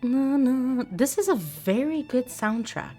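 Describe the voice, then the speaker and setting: A woman's voice: high-pitched, sing-song, takes it slowly, mellow, faint music behind. Chatty woman streaming a game. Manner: chatty, reads chat aloud, playful asides. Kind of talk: casual live gameplay chat.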